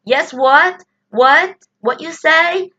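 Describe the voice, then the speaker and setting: A woman imitating a confused male call-center agent with an Indian accent, talking in halting, broken English. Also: high-pitched, sharp tone, muffled recording, pitched above the performer's own voice, full character voice. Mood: mocking.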